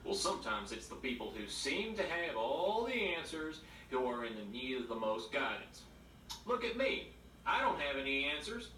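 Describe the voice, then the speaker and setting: A man playing a smug, rambling backwoods preacher, with a put-on drawl and deadpan insults. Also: medium pitch, normal speed, a crowd in the background, voice pushed up, natural voice. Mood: mock-solemn. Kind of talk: comedy sketch monologue to camera. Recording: roomy echo, slightly distant mic.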